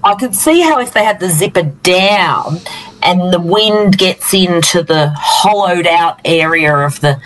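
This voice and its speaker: A woman's voice: fairly low pitch, lively intonation, unhurried, a bit bright, low-quality recording. A woman co-hosting a radio show over a remote call, playful and thinking aloud. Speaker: radio co-host. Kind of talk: casual radio chat.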